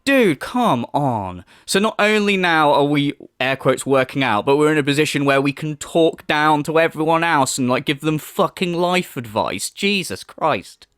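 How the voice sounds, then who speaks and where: A man's voice: on the high side, normal speed, hardly any pauses, smooth, no room sound, clean studio sound. A man hosting a commentary video, sarcastic and swearing, mocking what he reacts to. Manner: sarcastic, swears a lot, lively mocking impressions.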